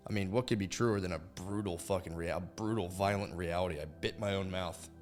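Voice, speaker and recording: A man's voice: deep voice, a little fast, soft background music. A man hosting a podcast, telling a meandering story casually and profanely. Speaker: podcast host. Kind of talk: rambling storytelling.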